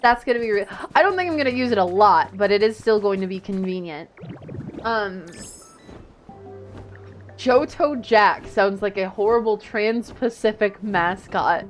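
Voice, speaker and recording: A young woman streaming a video game, chatting casually and excitedly into a desk mic. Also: medium pitch, unhurried. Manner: excitable, chatty, gasps and laughs often. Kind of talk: casual live-stream chat while gaming. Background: game music.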